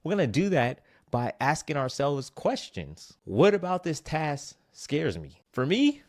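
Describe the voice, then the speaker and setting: A man presenting a scripted motivational vlog with self-help advice, animated and self-mocking, with playful asides. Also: on the high side, unhurried, dry recording, clean studio sound.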